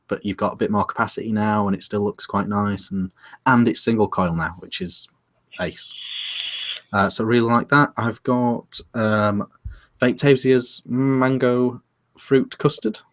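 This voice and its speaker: Chatty British man, fairly low voice. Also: fairly bright tone. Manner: chatty, many fillers and restarts. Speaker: podcast co-host. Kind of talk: casual chat.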